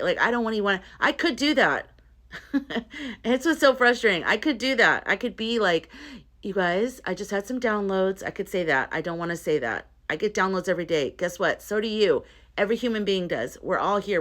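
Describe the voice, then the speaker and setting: A woman's voice: lowish voice, a bit bright. A woman talking to camera in a casual vlog, earnest and rambling, often interrupting herself. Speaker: spiritual content creator.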